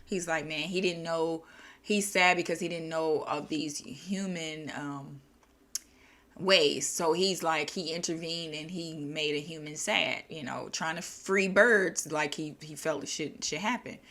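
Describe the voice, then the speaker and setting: A woman's voice: low voice, unhurried, fairly bright tone. Chatty woman retelling a story. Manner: loose, chatty retelling with restarts and slang. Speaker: storyteller and channel host.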